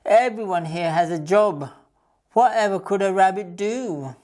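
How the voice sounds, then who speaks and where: A woman's voice: mid-range voice, measured pace, a little mellow, voice pushed up, close to an everyday voice. A woman playing a cross, bossy farm duck. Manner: snappy, cross, sighing. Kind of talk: children's storybook reading.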